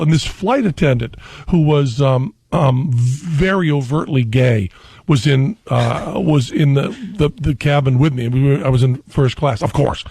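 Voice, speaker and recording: Gravelly man telling rambling stories. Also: mid-range voice, unhurried, no room sound. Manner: rambling storyteller, animated, laughs often. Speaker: guest. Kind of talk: casual talk-radio conversation.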